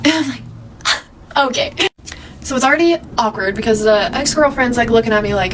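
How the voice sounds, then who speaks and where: Young woman, storytime vlogger, animated quoted voices, a bit high-pitched. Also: fast talker, noisy background. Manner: chatty, animated retelling with quoted voices and laughs. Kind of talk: casual story time.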